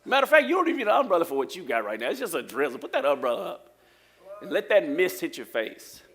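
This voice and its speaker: A man preaching a lively sermon in a church, joking with the congregation. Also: high-pitched, quick pace, gravelly. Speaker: pastor.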